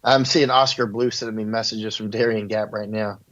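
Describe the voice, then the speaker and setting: A man's voice: lowish voice, fairly even intonation, moderate pace, a bit bright. Rambling man telling stories over a lo-fi call. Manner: rambling, laughs at his own stories. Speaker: guest. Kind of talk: casual storytelling interview. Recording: dull lo-fi audio.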